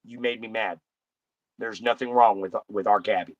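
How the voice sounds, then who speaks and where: A man's voice: on the low side, steady tone, moderate pace, dry recording, lo-fi sound. A man hosting a casual live stream, talking bluntly and folksily straight to his chat.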